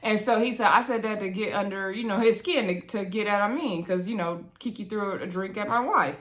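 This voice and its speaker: A woman's voice: mid-range voice, fairly quick. A woman casually recapping a reality show, chatty and laughing, acting out the cast members' lines in quoted voices.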